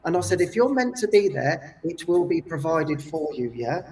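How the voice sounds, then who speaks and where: A man with a high voice tells a story with lively energy, acting out the voices of the people in it and checking in with a frequent "yeah?". He sounds somewhat distant from the microphone. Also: normal speed. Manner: animated storyteller, acting out quoted voices, often adding "yeah?". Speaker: retreat leader and guest. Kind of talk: casual storytelling. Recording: voice distant from the mic.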